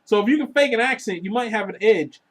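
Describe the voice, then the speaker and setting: Man, vlog rant, high voice, crude and profane, loud then muttering. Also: quick pace, husky. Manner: animated, swings between loud and muttered asides. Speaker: vlogger. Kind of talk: casual rant to camera.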